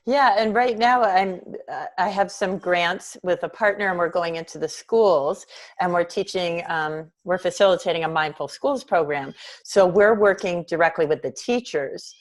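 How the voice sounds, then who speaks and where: A woman educator speaking as a guest in casual interview chat, reflective and measured. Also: on the low side.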